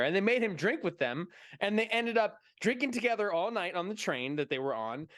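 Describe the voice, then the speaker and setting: A man on a casual movie stream tells a story with lots of energy, slipping into the voices of the people in it and laughing as he goes. His voice sits a bit high for a man, and the sound is dry and close. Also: brisk, clean tone, dry recording. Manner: animated storyteller, acts out quotes, laughs often. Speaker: podcast co-host. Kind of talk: casual movie chat, retelling a comedian's story.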